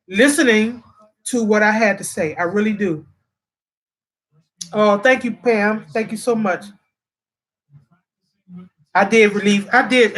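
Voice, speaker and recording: A woman's voice: mid-range voice, fairly bright tone. A woman hosting a casual livestream, close to tears and talking straight to her viewers, often repeating herself. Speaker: livestream host. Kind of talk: casual livestream chat reading comments.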